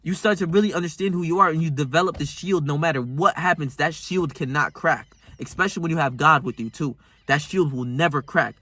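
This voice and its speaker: Rambling young man, voice a bit high. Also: fairly quick, hardly any pauses, sharp tone. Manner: rambling, emphatic and profane, calls the viewer "bro". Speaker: self-improvement vlogger. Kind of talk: casual motivational monologue.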